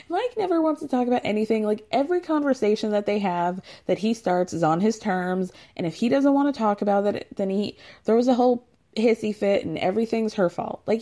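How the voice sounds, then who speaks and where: A woman's voice: a little high, warm tone. A woman in her thirties recapping a reality show in casual chat, sarcastic and chatty, acting out what people said and laughing often. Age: 30s.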